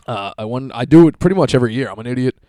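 A man's voice: mid-range voice, lively intonation, racing, mellow, no room sound. A man in his thirties hosting a solo podcast from his basement, rambling through stories in a profane, self-mocking way. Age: 30s. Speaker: podcast host. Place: basement at home.

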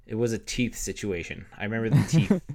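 A young man with a fairly low voice co-hosting a casual podcast. He makes up silly stories as he goes, full of "uh" and "like" and the odd curse. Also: expressive, a little fast, vocal fry, crowd noise. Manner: rambling, improvised storytelling with lots of fillers and swearing. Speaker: podcast co-host. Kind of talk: casual comedic chat.

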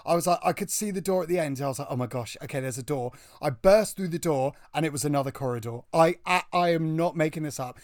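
British man, casual chat, breathless storytelling, fairly high pitch, dry recording. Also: fast, few pauses, no room sound. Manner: breathless, excitable storytelling with frequent restarts.

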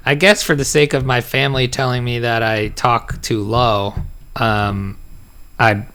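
A man's voice: mid-range voice, steady tone, unhurried, bright, forceful tone, clean tone. A man co-hosting a podcast, chatting casually with wry jokes and laughs. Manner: wry, laughs through answers. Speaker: podcast co-host. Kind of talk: casual chat.

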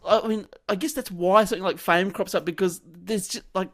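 Brisk and steady, this man's high voice carries a rambling podcast conversation he co-hosts. He keeps breaking off to restart his thoughts and laughs often.

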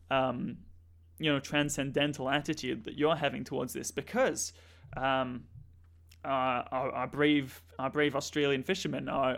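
A man co-hosting a comedy podcast, halting with restarts and breaking into mock-alarmed swearing. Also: fairly high pitch, gravelly, a bit bright. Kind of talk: deadpan comedy banter.

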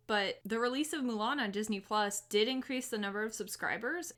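A young woman hosting a casual movie review podcast, chatty and quick to laugh, swearing now and then. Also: mid-range voice, fairly bright tone. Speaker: podcast host.

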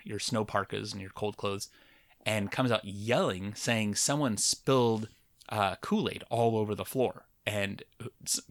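A middle-aged man with a lowish, bright, forward voice recounts a story in loose, casual chat. He wanders through fillers and self-corrections as he goes. The sound is dry and close, with no room around it. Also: no echo. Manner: rambling storyteller with fillers and restarts. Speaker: podcast co-host.

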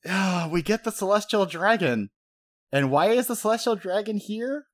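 A man's voice: high-pitched, normal speed. A young man hosting a casual recap chat who swears freely, laughs often, and gets fired up about the story. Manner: animated, profane, laughs often.

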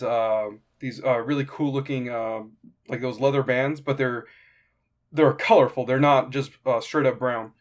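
A man narrating a tabletop game as game master, halting and casual. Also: mid-range voice. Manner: halting, lots of fillers and restarts.

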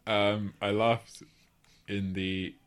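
A man co-hosting a casual film talk, animated, with halting restarts. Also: on the low side, smooth. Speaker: podcast co-host.

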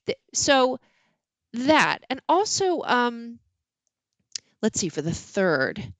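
A middle-aged woman, an author guest in a casual interview, telling candid stories about her marriage with lively, self-mocking asides. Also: on the high side, very slow, dry recording.

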